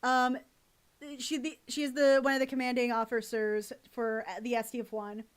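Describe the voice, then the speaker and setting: Young woman streamer, high bright voice, rambling and gushing, swears freely. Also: level tone, normal speed, smooth. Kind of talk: casual live-stream chat.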